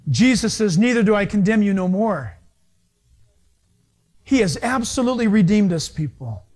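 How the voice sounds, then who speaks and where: A man preaching a sermon in a high, lively voice. His pitch swings widely as he acts out little scenes of dialogue. He talks as the pastor in front of a congregation. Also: moderate pace. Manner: animated preaching with acted-out dialogue.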